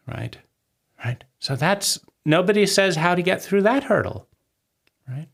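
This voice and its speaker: A man's voice: medium pitch, gravelly, a bit bright. A man in his forties giving a rambling, conversational monologue of advice, often checking in with "right?". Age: 40s. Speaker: vlogger. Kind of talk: reflective spoken monologue.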